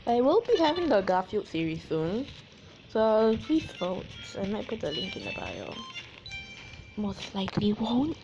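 A woman's voice: mid-range voice, huge pitch swings, measured pace, muffled recording. A woman hosting a casual let's-play, chatty and jokey with rambling asides, music mixed under her voice. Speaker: gaming channel host.

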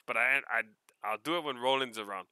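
A man from Hawaii with a Hawaiian-tinged accent, casually unboxing mail on his vlog, excitable and quick to laugh. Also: medium pitch, smooth, no echo. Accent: Hawaiian Pidgin-tinged English. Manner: excitable, laughs often, repeats words. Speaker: vlogger.

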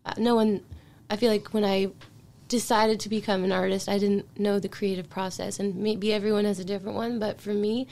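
A woman with a Canadian accent chats as a guest on a casual podcast, musing openly about her songwriting. Her voice sits in a middle pitch, and she drifts between thoughtful asides and light laughter. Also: little pitch movement, brisk, gravelly, a little mellow. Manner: chatty and reflective, with frequent light laughs.

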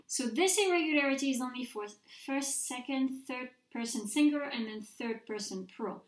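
A woman teaching a recorded grammar mini-lecture, speaking clearly and patiently and repeating words slowly for students to copy. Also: on the high side. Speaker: French teacher. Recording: roomy echo.

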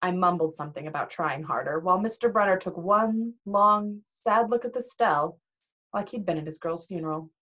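A teacher reading a novel aloud to a class in an expressive, animated way. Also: female voice, lowish voice, normal speed. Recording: dull lo-fi recording.

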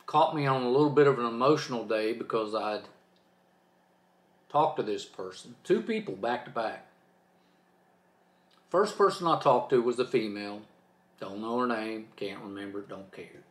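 A man's voice: mid-range voice, normal speed, long pauses, echoey room. Fired-up man ranting to his channel. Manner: fired-up, preachy, emphatic. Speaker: trucking channel host. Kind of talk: off-the-cuff vlog rant.

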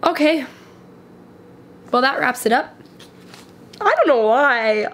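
A woman's voice: sits high, sing-song, slow pace, a bit bright. A young woman giving casual, emotional commentary while she watches a movie, gushing and exclaiming, sometimes whispering. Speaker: movie reaction vlogger.

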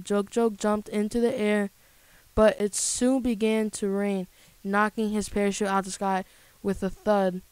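A woman reading a children's story aloud in a plain, gentle storytelling way. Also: medium pitch, flat delivery, measured pace, smooth, no echo, poor audio. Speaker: storybook reader.

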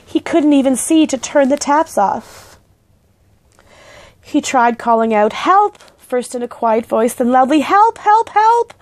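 A woman's voice: sits high, steady tone, unhurried, darkish tone, no echo. Woman reading a children's book aloud. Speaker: storybook reader.

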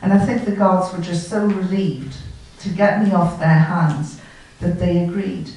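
A woman giving a storytelling talk, recalling events and acting out the dialogue in a lively way. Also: on the low side, unhurried. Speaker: guest speaker. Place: lecture hall. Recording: far from the mic, very echoey hall.

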